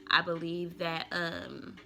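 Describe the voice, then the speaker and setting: Young woman, tarot vlogger: low, crackly voice with a bright edge, slangy and rambling, talks straight to camera. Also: takes it slowly, vocal fry. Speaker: tarot reader and spiritual vlogger. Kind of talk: casual rambling smoke-session chat.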